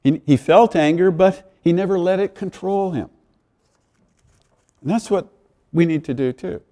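A man's voice: high voice, a little slow, warm tone. A male pastor giving a conversational sermon, with friendly asides and the odd chuckle.

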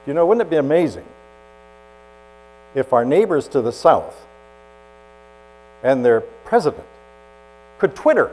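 A man preaching a storytelling sermon as a pastor, swinging from loud emphasis to hushed asides. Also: mid-range voice, very animated, a little slow, pauses often, rough recording.

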